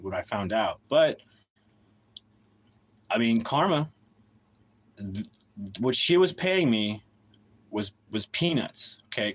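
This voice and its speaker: A man speaking straight into his camera on a livestream, blunt and heavily profane as he rants. He hammers his points with rapid repeated questions, then eases into a looser, talky monologue. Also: lowish voice, fairly bright tone, poor audio. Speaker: independent writer and streamer. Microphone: camera mic.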